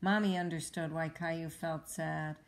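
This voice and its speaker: Low-voiced woman reading a children's book. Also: fairly even intonation, normal speed. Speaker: storybook reader. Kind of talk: reading a children's storybook aloud. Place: at home.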